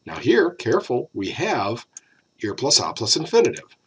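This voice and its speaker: A man teaching a recorded Spanish grammar lesson, explaining patiently and drawing out key words slowly. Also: mid-range voice, huge pitch swings, breathy edge.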